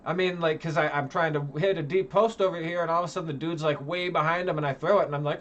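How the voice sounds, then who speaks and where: A man's voice: a little high, fairly even intonation, fast talker, few pauses. Furious swearing young man ranting. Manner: angry, swearing, sarcastic, swinging between shouting and muttering. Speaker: gaming channel host. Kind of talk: profane ranting commentary.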